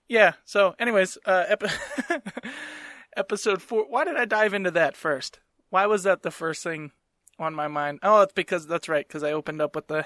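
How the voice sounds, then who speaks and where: Bright-voiced rambling male podcast host. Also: high voice, normal speed, no room sound, clean studio sound. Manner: rambling, joking. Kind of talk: casual podcast monologue.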